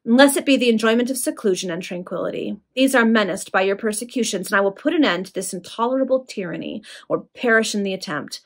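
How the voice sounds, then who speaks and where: A woman's voice: medium pitch, lively intonation, quick pace, hardly any pauses. A woman reading aloud, voicing a proud and indignant noblewoman in her own voice. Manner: impatient and indignant.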